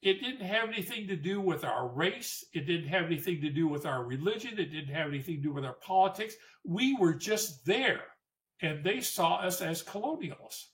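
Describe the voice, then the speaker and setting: An older man recounts his war years to an audience, his voice sitting a touch high for a man. He circles back and repeats words for emphasis as he tells each story. The mic is set some way off from him. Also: animated, moderate pace, fairly bright tone, distant mic. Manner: storytelling, with restarts and emphatic repetition. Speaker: Vietnam War veteran speaker.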